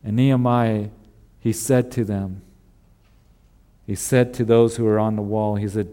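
Man, pastor, sermon, mellow tone, emphatic repeated refrains. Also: on the low side, fairly even intonation, unhurried, pauses often. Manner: earnest, repetitive preaching with emphatic refrains.

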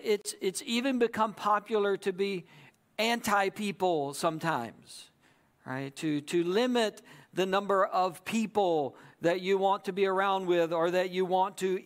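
A man preaching a sermon in a conversational way, often checking in with the audience. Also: high voice. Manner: conversational, repeats "right?" to the audience. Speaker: pastor.

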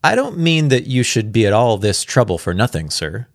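A man reading aloud as a tall, stout sailor in a storybook reading, gruff and wary, his voice pushed a little higher. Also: very animated, normal speed, dry recording, clean studio sound.

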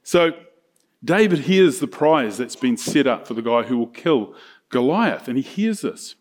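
A man preaching a sermon, telling a story casually and slipping into quick voices for the characters. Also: mid-range voice, expressive, darkish tone. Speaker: pastor.

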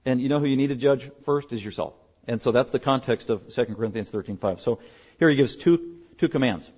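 A man's voice: medium pitch, a little fast, husky. A male pastor preaching a sermon, emphatic and driving points home through repetition. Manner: emphatic, repeats key words for stress. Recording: dull lo-fi sermon recording.

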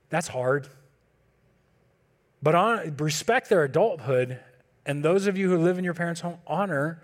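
A man preaching a sermon in a relaxed, conversational way, acting out talks with his kids. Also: high-pitched. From California. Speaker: pastor.

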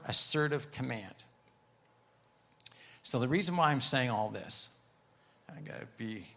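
A man's voice: mid-range voice, fairly bright tone. A man preaching a sermon, telling a story and retelling conversations as he goes, then turning firm and emphatic on commands.

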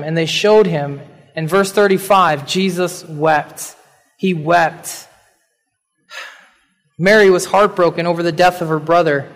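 A male pastor with a fairly high voice delivers an earnest sermon, reading scripture and then explaining it. He slows down and drops his voice on the key lines. His words ring with the long reverb of a church hall.

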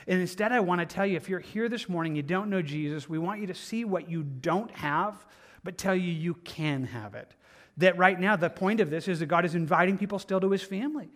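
A man with a high voice delivering a sermon as a pastor. He talks earnestly and conversationally, repeating himself for emphasis and slipping in casual asides. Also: a bit bright.

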